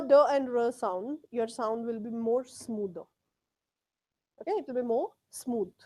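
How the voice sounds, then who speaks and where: A woman's voice: sits high, a little mellow. A woman teaching a live test class, drilling pronunciation by repeating words. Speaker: English test tutor.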